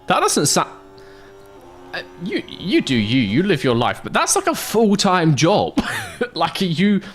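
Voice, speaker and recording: A man's voice: high-pitched, huge pitch swings, measured pace, faint music behind. A British man streaming a game, chatting casually with viewers, laughing often. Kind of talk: casual livestream chat.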